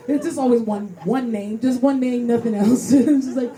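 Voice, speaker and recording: A man's voice: very high-pitched, steady tone, fairly quick, few pauses, warm tone. A man doing a loose, profane stand-up set on a live stage, laughing through his stories. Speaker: stand-up comedian. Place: live stage before an audience. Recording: live mic with crowd noise.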